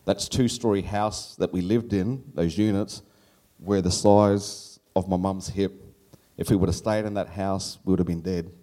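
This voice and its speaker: A middle-aged Australian man telling a personal story on stage at a live storytelling event, animated and laughing as he goes, his voice leaping up when he quotes his younger self. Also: low-pitched, normal speed.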